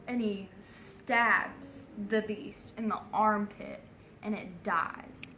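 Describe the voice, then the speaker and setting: A woman's voice: mid-range voice, slow, sharp tone, reverberant, a little hiss or hum, poor audio. A tipsy woman retelling an old saga in a rambling, casual comic way, full of "like" and "so then". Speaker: narrator.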